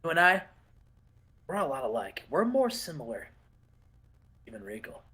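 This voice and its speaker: A man playing an intense male wrestler cutting a slow, menacing promo in a game session. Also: very animated, bright, forceful tone, slightly rough, heavily acted. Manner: low, slow, menacing delivery.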